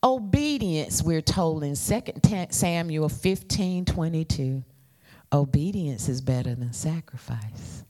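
A woman's voice: deep voice, lively intonation, takes it slowly, dark tone. A woman preaching a sermon, playful and calling on the congregation to answer back. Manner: playful, calls for congregation responses.

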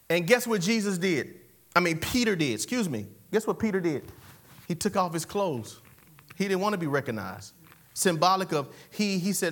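A man with an unusually high voice delivers a sermon. He is animated and repetitive, and he laughs often as he leads call-and-response. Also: moderate pace. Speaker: preacher.

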